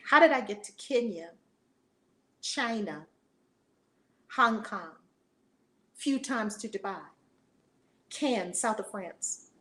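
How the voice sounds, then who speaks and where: A woman's voice: medium pitch, expressive, takes it slowly, pauses often, sharp tone. A woman in her forties teaching a spiritual lesson in a fiery, preacher-like way, acting out voices. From United States.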